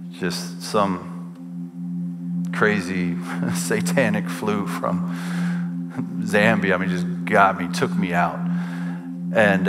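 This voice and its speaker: Pastor preaching over loud music in a reverberant hall. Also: male voice, sits low. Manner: animated storyteller, acts out quoted speech. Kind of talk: sermon with a personal story. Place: church sanctuary.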